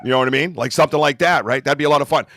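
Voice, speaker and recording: A man hosting a podcast, chatting casually and joking loudly, swearing freely over a video call. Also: medium pitch, very fast. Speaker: podcast host. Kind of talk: casual chat.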